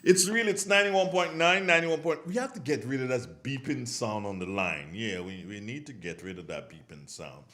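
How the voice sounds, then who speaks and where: A man's voice: mid-range voice, moderate pace, hardly any pauses, a bit bright. Chatty Grenadian man hosting morning radio. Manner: chatty, rambling, self-correcting. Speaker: radio host. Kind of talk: casual morning radio chat. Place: radio studio.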